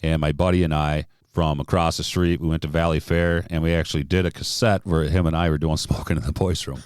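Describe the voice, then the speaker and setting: A middle-aged man with a very low voice, talking as a podcast guest. He reminisces in a relaxed, easygoing way and chuckles often. The sound is close and dry. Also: fairly quick, clear, resonant tone, no room sound. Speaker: guest, guitarist and music store owner. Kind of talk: casual podcast conversation.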